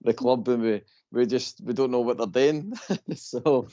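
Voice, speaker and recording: A man's voice: medium pitch, unhurried, warm tone, dry recording, highs cut off. A Scottish man calling in to a fan radio show, rambling and repeating himself. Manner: repetitive, keeps saying "like I says". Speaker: caller. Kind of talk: phone-in chat.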